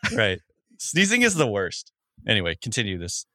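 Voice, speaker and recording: A man's voice: fairly low pitch, huge pitch swings, moderate pace, pushed and bright, dry recording. A man co-hosting a casual podcast chat, laughing often and swearing freely. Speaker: podcast co-host.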